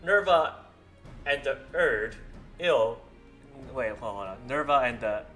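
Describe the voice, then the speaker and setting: A man's voice: medium pitch, expressive, a bit bright, faint music behind. Man stumbling through game dialogue aloud. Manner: halting read-aloud with frequent stumbles and self-corrections. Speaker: streamer.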